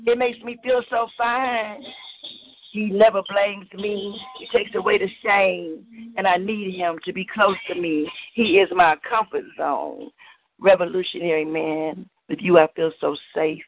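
A man's voice: high-pitched, steady tone, a little slow. A man performing a spoken word poem with a rhythmic, chanting delivery over a call line. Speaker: poet. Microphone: video call. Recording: muffled phone-like call line with faint noise.

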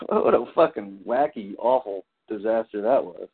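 A man's voice: lowish voice, animated, a little slow, husky. A man in casual chat, blunt and sarcastic, swearing freely. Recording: tinny phone line with noise.

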